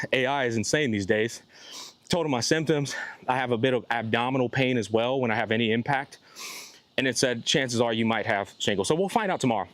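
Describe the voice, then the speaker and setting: A man's voice: mid-range voice, no echo. A man who is sick and a little out of breath, rambling casually in a vlog as he walks outdoors, recorded on his phone. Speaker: gacha YouTuber. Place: outdoors on a walk.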